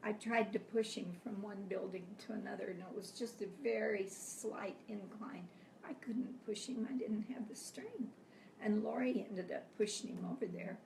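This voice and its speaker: An older woman, a grandmother, gently telling family stories with soft laughs, her voice close to tears. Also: mid-range voice, moderate pace, gravelly. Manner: gentle, reflective storytelling with frequent soft laughs. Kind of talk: personal storytelling. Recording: echoey room, mic far off, faint background hiss.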